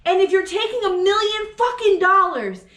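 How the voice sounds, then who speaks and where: A woman's voice: very high-pitched, expressive, moderate pace, sharp tone. A woman co-hosting a podcast, venting furiously about politics in a profane rant, with lots of rhetorical questions. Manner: angry, profane ranting. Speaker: podcast co-host. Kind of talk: heated political chat. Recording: echoey room.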